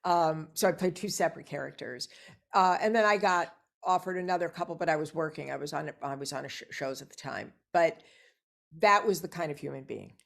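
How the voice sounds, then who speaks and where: A middle-aged actress telling lively anecdotes as a guest, acting out the dialogue she quotes. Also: deep voice, brisk, gravelly. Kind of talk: casual interview storytelling.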